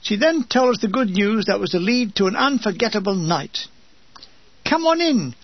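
Memoir narrator: a fairly high, husky male voice with dry, comic asides. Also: brisk, no room sound, highs cut off. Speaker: narrator of his own war memoir.

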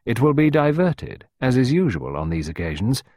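Man playing a pompous secretive official husband, grave and solemn, husky, animated. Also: mid-range voice, normal speed, no room sound, studio quality, pitched above the performer's own voice. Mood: self-important. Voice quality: grave, solemn, self-important.

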